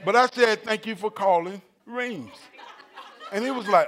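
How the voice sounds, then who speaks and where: A male preacher with a high, bright-pitched voice works through a sermon. He tells stories with laughter and acts out the quotes. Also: a little slow, a crowd in the background, noisy background. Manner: animated, laughing storyteller who acts out quotes. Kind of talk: sermon with personal storytelling.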